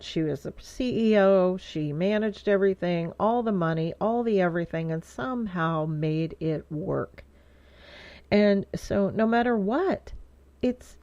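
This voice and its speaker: A woman's voice: on the low side, a little mellow, dry recording, dull audio. Exasperated woman venting on her show. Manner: exasperated, emphatic, rambling. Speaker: show host. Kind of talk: casual venting monologue.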